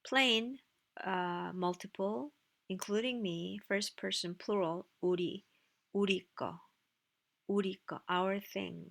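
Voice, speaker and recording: A woman's voice: medium pitch, fairly even intonation, normal speed, vocal fry. A woman teaching a language lesson, explaining slides in a casual way with dry asides. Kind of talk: recorded lecture with slides.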